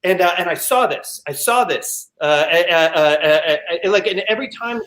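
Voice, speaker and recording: Animated man telling a story, echoey room. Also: high voice, moderate pace. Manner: animated, frequent restarts, vocal sound effects. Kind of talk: live personal storytelling.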